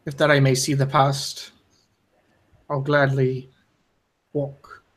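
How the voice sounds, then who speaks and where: A man's voice: mid-range voice, little pitch movement, takes it slowly. A man playing a tabletop role-playing game, speaking earnestly in character. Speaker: player.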